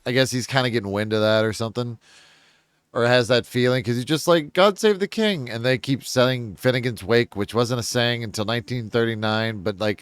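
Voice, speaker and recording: A man's voice: on the low side, clean tone, dry recording. A man giving a casual book synopsis on his channel, rambling with chuckles and self-deprecating asides. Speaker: book reviewer.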